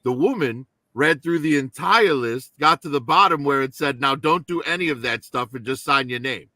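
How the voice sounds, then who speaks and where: Male co-host, bright voice, conversational storyteller who checks in with "right?". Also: medium pitch, normal speed, no room sound. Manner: storytelling with frequent "right?" tags. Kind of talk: casual chat.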